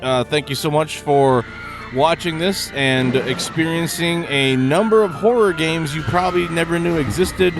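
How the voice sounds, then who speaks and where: A profane, exasperated man hosts a game-trailer reaction video in a somewhat high voice. He rants and swears in casual commentary, with soft music faintly behind him.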